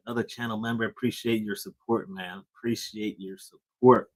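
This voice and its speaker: A man's voice: on the low side, fairly even intonation, a little fast, few pauses, low-quality recording. A man hosting a comic book show, chatting casually about a book, rambling, repeating words and often saying "man".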